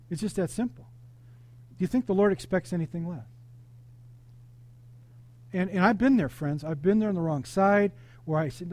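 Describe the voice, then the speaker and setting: A male pastor delivering an animated sermon, calling out questions to the congregation and telling personal stories. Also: high-pitched, normal speed. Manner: animated, interactive preaching with congregation call-outs.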